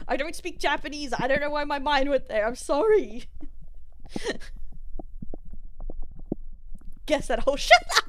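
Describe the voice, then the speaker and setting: A woman's voice: sits high, fairly bright tone, a little hiss or hum. A young Australian woman streaming, chatting casually while reacting to videos, blunt and profane, breaking into laughter often. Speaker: VTuber streamer.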